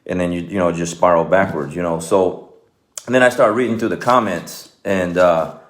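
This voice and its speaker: A man's voice: deep voice, moderate pace. A man, a martial arts coach, talking casually and earnestly to his viewers, rambling with many fillers and restarts. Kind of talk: casual talk to camera.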